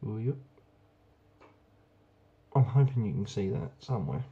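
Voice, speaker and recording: A man's voice: fairly low pitch, lively intonation, a little slow, mellow, muffled recording. A young man chatting casually and enthusiastically while reviewing beers, rambling with plenty of ums. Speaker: beer reviewer. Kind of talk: casual beer review vlog.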